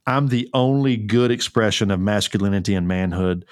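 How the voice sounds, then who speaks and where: A man's voice: lowish voice, normal speed, dry recording, studio quality. A man co-hosting a podcast, talking earnestly and fervently, with many restarts and fillers. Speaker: podcast co-host. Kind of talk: casual conversational podcast.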